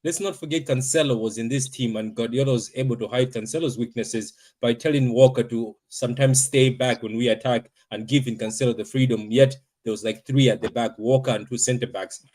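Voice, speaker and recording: A man's voice: medium pitch, steady tone, fairly quick, hardly any pauses, darkish tone. A man hosting a live-streamed football panel over a video call, insistent and teasing, repeating names. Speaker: host.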